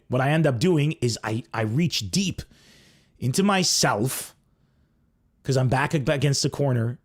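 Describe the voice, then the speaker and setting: A man's voice: medium pitch, husky. A man hosting a comedy podcast, talking casually and acting out the lines he quotes. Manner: animated, acts out quoted lines.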